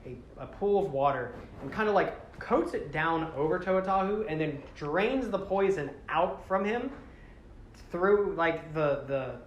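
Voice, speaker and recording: A man's voice: a little high, expressive, unhurried, lo-fi sound. A man casually recapping a story, rambling with lots of fillers and correcting himself as he goes. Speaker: show host. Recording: roomy with faint background noise.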